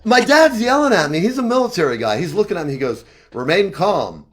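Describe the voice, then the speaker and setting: Give me a man in his fifties rambling through a funny story, with a lively, swinging voice. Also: sits high, fast talker. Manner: rambling, animated, swears and laughs while telling stories. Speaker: talk show guest. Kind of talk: casual storytelling chat.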